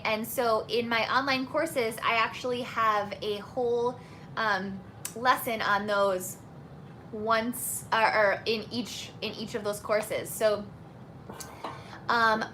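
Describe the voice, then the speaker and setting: A woman's voice: a little high, sharp tone, slight background noise. A young woman singing teacher chatting casually while answering viewer questions, friendly and full of fillers. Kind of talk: casual live Q&A chat.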